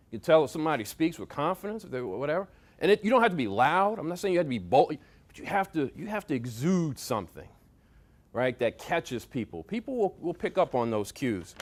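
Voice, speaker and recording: A man giving a lively motivational talk to a workshop audience, coaching them with sports analogies, repetition and swings in loudness. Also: fairly high pitch. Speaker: speaker at a leadership workshop. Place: meeting room with audience.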